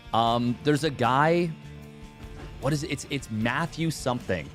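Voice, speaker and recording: A man giving casual live commentary on a strategy game, rambling and excitable as he chats between plays. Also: mid-range voice. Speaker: esports commentator.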